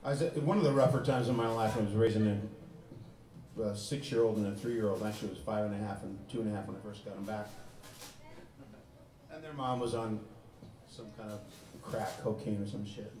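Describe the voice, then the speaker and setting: A man's voice: on the low side, brisk, mellow. A man telling a personal story in a casual, profane way, often laughing as he talks. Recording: roomy sound from a distant mic.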